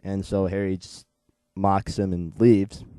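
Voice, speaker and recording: A man's voice: sits low, little pitch movement, measured pace, dark tone, clean tone, no room sound. A young man in his late teens, chatting casually as he reviews a comic book and retells its plot in a rambling, digressive way.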